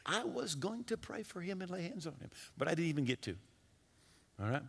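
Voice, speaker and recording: Animated preaching man in a reverberant hall. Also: a little high, gravelly. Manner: animated storytelling, quick shifts between loud and hushed. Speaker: pastor. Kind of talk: sermon.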